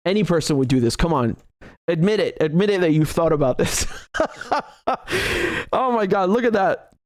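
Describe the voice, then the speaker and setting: A man's voice: fairly high pitch, expressive, moderate pace, a little mellow, no echo. A man hosting a live political commentary show, talking indignantly and sarcastically with many restarts. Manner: frequent restarts. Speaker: host.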